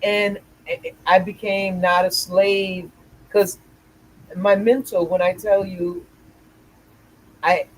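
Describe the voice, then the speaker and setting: A woman's voice: medium pitch, flat delivery, slow pace, long pauses, slight background noise, rough recording. An older woman hosting a casual chat, telling rambling stories with many restarts. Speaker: host.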